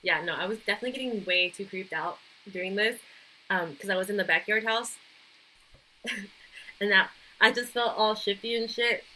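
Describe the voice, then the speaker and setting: A woman's voice: mid-range voice, moderate pace, pushed and bright, rough recording. A woman co-hosting a podcast, chatting loosely and recounting a creepy story. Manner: chatty, giggly, loose with details. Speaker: podcast co-host. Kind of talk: casual chat, storytelling.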